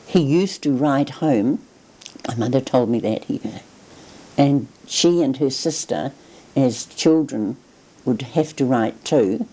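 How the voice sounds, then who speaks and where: An older woman speaks in a very low, mellow voice. She talks reflectively in an oral history interview, often pausing and restarting her sentences as memories come back. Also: poor audio. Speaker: interviewee recalling her grandfather.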